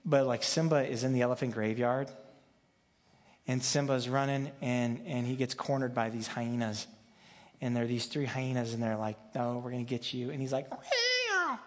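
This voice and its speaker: A man's voice: medium pitch, steady tone, normal speed, darkish tone, big-room sound. A man preaching a sermon as pastor, talking in a conversational, joking way with frequent restarts. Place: church sanctuary.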